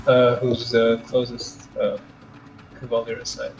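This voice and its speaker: A man's voice: medium pitch, completely flat delivery, unhurried, soft background music. Man in a roomy room, game player. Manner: plays his character's lines in his own voice. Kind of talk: tabletop game role-play. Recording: roomy mic with faint noise.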